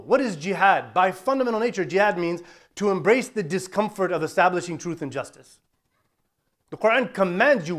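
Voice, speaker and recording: A man with a slightly high voice delivers a Friday sermon. He preaches with urgency and force, and he breaks into quick recitation of Arabic Quran verses. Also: fairly bright tone. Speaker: imam.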